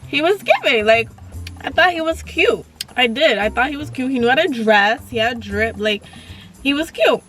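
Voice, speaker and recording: Young woman, bright forceful voice, slangy storytime, faint music behind. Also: high voice, moderate pace. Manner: animated, profane, slangy. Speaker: vlogger. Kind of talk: casual storytime.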